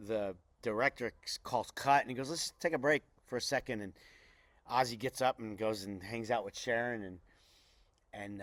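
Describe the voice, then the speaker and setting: A middle-aged man, telling a lively anecdote as an interview guest and acting out the other people's lines. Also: medium pitch, dry recording. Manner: animated anecdote with quoted voices. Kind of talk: casual storytelling.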